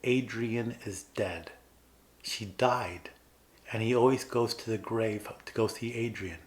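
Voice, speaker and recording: A man's voice: on the low side, takes it slowly. A man co-hosting a podcast in casual chat, earnestly retelling film scenes and acting out the characters' lines. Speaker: podcast co-host.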